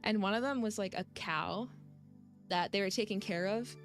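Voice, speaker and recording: A woman's voice: medium pitch, normal speed, faint music behind. A woman streamer chatting casually with her viewers and reading game text aloud, giggling often and rambling.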